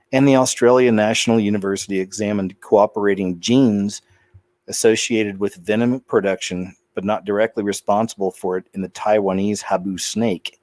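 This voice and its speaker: A man's voice: fairly low pitch, darkish tone, dry recording. A man hosting his own channel, reading news items aloud and making casual, muttered asides. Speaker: channel host.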